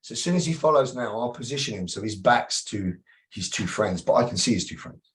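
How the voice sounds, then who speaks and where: A man's voice: on the low side, lively intonation, brisk, fairly bright tone, poor audio. A middle-aged man, a self-protection instructor telling blunt, profane stories as a podcast guest. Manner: blunt, profane, acts out confrontations. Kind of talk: casual interview storytelling.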